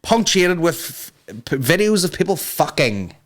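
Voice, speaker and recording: A man's voice: a little high, a little slow. A man hosting a comedy podcast, joking, swearing and acting out silly voices in casual banter. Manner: animated, swearing, acts out voices. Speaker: podcast host.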